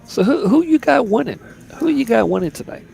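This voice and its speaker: A man's voice: very high-pitched, lively intonation, a little fast, vocal fry, a little mellow. A man giving easygoing, chatty live commentary on a poker table from a booth. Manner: chatty, easygoing, repeats words. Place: commentary booth at a card room.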